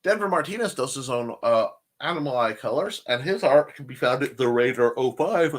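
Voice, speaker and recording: A man's voice: mid-range voice, lively intonation, a little fast. A man hosting a casual live-stream chat show, rambling through plugs with jokey asides and self-corrections. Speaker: show host.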